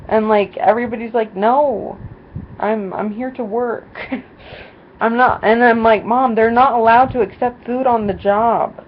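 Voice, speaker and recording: A young woman rambles through a story to her camera, full of "um" and "like", acting out what everyone said. Her voice sits at a middle pitch and comes slowly. The recording is dull and lo-fi with a faint hiss behind it. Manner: rambling, many fillers and quoted voices. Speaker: vlogger. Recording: dull lo-fi sound with faint noise.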